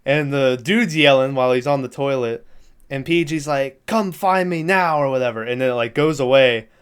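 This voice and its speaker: Smooth-voiced man recapping a movie. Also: medium pitch, steady tone, fairly quick. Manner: rambling, laughs often, acts out quotes. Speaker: podcast co-host. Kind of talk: casual chat recapping a movie.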